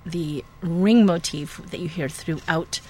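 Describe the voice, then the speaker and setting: A woman's voice: fairly low pitch, takes it slowly, warm tone, a little hiss or hum. A woman hosting a radio show, chatting enthusiastically with some fillers. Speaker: radio host. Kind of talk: casual radio talk.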